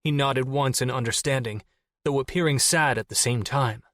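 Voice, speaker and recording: A man's voice: medium pitch, normal speed, fairly bright tone, no room sound. Man narrating an audiobook, dry close. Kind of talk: first-person audiobook narration.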